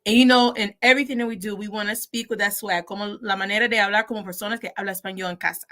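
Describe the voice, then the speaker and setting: A woman teaching Spanish in an energetic, playful video lesson, switching between English and Spanish and acting out both sides of a dialogue. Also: medium pitch, racing. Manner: models dialogue by playing both speakers.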